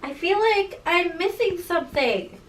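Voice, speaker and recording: Distant young woman, lively offhand voice. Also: very high voice, a little slow, slight background noise. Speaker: travel companion. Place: hotel room.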